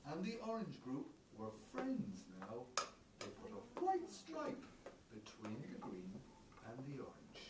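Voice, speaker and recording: An Irish man with a medium-pitched, wildly swooping voice tells a story to preschoolers in a preschool classroom, speaking a little slowly. He's playful and exclamatory, asking the children questions as he goes. The recording is noisy and roomy, with the mic far away.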